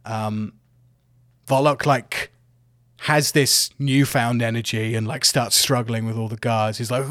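Man, game master, slow easy delivery, dry sound. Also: mid-range voice, no room sound. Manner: relaxed, laid-back narration with fillers. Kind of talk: narrating a tabletop game.

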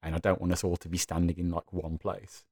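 A man's voice: low-pitched, little pitch movement, fairly quick, dark tone, breathy edge, no room sound, studio quality. A man playing a tabletop game, speaking hesitantly with lots of fillers. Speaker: player.

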